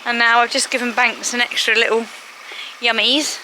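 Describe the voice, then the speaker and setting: A woman's voice: a little high, little pitch movement, normal speed, bright, forceful tone, slight background noise, rough recording. A woman, vlogging and talking fondly to her horse in a stable, emotional and close to tears. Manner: chatty, affectionate, talks fondly to her horse. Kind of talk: casual vlog chat. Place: outdoors and in a stable at a horse event.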